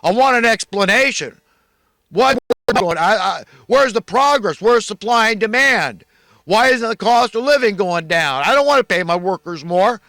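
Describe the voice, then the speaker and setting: Man putting on an irate employer, high strained voice, loud demanding rant. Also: animated, moderate pace, no echo, full character voice. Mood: outraged. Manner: shouting, outraged questions. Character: indignant male employer demanding answers.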